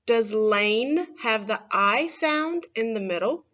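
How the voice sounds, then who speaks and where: A woman teaching a phonics lesson to first graders, saying each word slowly and clearly for the children to repeat. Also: on the high side, animated, a bit bright, highs cut off. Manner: slow, clear, stressing single words for children to repeat.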